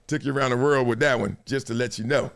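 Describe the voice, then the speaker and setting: This medium-pitched, gravelly male voice belongs to a sports talk show host delivering a live-streamed commentary monologue. He lectures viewers in a casual, slangy, animated and preachy way, laughing between points and slipping into quoted voices.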